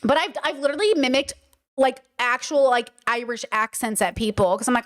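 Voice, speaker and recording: Young woman, podcast host, chatty and emphatic, fairly high voice, casual stream talk. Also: brisk. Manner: chatty and emphatic, many fillers and restarts. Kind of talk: casual livestream commentary.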